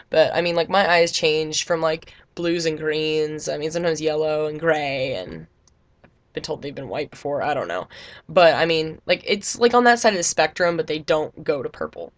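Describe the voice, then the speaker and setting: A woman's voice: sits low, vocal fry, dry recording. A young woman vlogging casually to the camera, rambling and chatty, filling her talk with "like". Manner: chatty, rambling, heavy use of "like".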